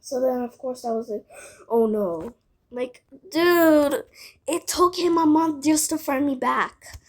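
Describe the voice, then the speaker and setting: A woman's voice: sits high, takes it slowly. A female voice telling a casual storytime vlog, rambling with lots of "like" and side remarks. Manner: rambling, filled with "like", frequent asides.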